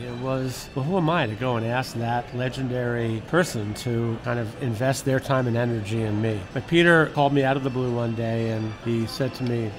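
An older man, a former magazine editor, telling stories candidly and with energy in a casual interview. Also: mid-range voice. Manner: candid, animated storyteller who swears casually.

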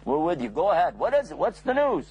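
An excited crowd of townsmen, as a man puts them on, eager and loud in a children's storytelling. The voice jumps high and swoops all over, with a gravelly, raspy edge. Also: fast talker, highs cut off, exaggerated voice. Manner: high, shouting, overlapping calls.

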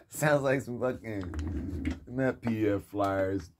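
A man's voice: mid-range voice, huge pitch swings, very slow, a little hiss or hum. A young adult man telling a rambling, profane story in a casual rant.

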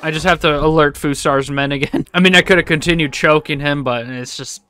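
A man giving casual gameplay commentary, sarcastic and excitable, yelling and swearing at what happens on screen. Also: a little high, brisk, clear, resonant tone. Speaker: gaming channel host. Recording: over loud game music. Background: game music.

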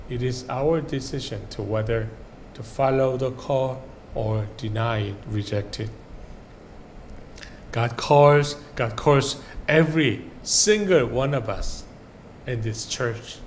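Slow, earnest male preacher. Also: mid-range voice, slight background noise. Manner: slow, earnest preaching with soft trailing phrase endings. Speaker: pastor. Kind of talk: sermon. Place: church sanctuary.

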